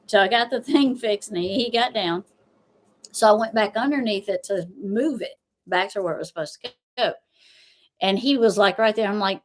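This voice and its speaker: A woman's voice: fairly high pitch, fairly quick. A middle-aged woman hosting a casual livestream chat, rambling through family stories and laughing often. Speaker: tarot reader and host.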